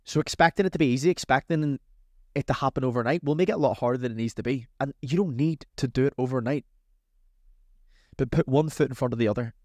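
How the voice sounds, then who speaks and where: A man hosting a casual advice podcast as a coach, talking in an energetic, chatty, motivational way. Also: medium pitch, fast talker, dry recording, studio quality.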